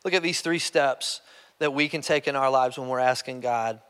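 A man's voice: mid-range voice, normal speed, a bit bright, smooth. A man preaching a sermon in a conversational way, often restarting and repeating words. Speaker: pastor. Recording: long hall reverb.

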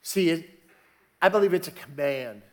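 A man's voice: fairly high pitch, expressive. Man preaching with rising intensity. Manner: builds from quiet, measured teaching to raised, emphatic preaching; conversational, with restarts and asides. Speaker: pastor. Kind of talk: sermon.

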